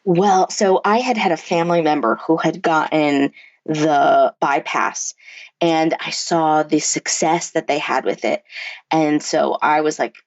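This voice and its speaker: A low-pitched woman speaks candidly as a podcast guest, full of "like" and "you know" and quick restarts. The sound is dry and a little dull, like a lo-fi remote recording. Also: dry recording. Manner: frank, many fillers and restarts, occasional swearing and laughs. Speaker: therapist and body-image coach, podcast guest. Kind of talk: candid conversational storytelling.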